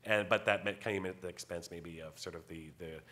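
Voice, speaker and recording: Man, very deep voice, halting speech full of restarts, wry panel talk. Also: steady tone, sharp tone. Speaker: game writer on a convention panel. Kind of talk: panel discussion, casual.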